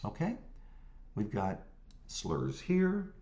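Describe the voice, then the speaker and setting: A man talks a viewer through a screen-recorded software lesson, one click at a time. His voice sits in an average register, and he hums rhythms as nonsense syllables. He keeps asking whether the viewer is following along. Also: mid-range voice, very animated, extremely slow, gravelly, muffled recording. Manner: checks in with the viewer often. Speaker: music notation software teacher.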